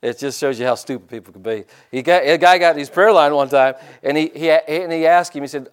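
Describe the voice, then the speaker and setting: A man's voice: fairly high pitch, fast talker, hardly any pauses, clear, resonant tone. A middle-aged man preaching a sermon in a church, folksy and joking, with frequent amens and hallelujahs. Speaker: pastor.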